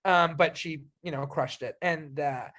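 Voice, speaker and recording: A man's voice: a little high, measured pace. A young man from Canada, an actor being interviewed, talking casually with lots of restarts and fillers. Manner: animated, many restarts and fillers. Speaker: actor guest.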